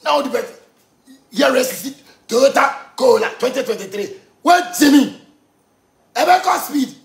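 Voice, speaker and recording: A Ghanaian man goes off on a live stream in a high, gravelly voice. He is animated, mixing pidgin with local words and bursting into shouts. The sound is roomy and echoey. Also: unhurried. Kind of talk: heated live-stream rant.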